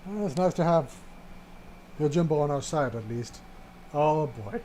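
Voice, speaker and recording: A man's voice: on the high side, expressive, unhurried, warm tone, slight background noise. A young man streaming a video game, playful and joking as he reads its text aloud and laughs at it. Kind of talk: let's play commentary, reading game text aloud.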